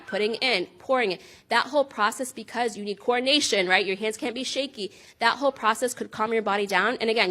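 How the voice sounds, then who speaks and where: A woman speaking to a group of parents in an easygoing, conversational way. Her voice sits a little high, and she keeps checking in with her listeners as she explains. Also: fairly bright tone. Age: adult with a child. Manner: conversational, frequent "right?" check-ins, laughs at herself. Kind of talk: informal talk to parents.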